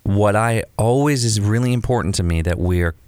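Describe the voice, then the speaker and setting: A man with a notably low, deep voice talks casually as a podcast co-host. He is animated and acts out quoted examples to make his points. The sound is dry and close, with no room echo. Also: normal speed. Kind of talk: casual conversation about creative work.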